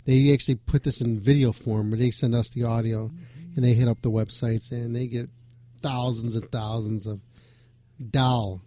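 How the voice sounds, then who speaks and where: A man's voice: mid-range voice, steady tone, normal speed, mellow, dry recording. A man hosting a rock radio show, talking in a loose, joking way and swearing freely. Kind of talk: casual rambling chat.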